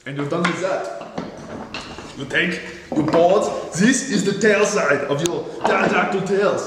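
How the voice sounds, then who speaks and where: A man's voice: high-pitched, measured pace. A man teaching woodworking by hand in a workshop, demonstrating step by step with playful, mock-macho humor. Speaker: woodworking instructor. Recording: echoey hall with background noise.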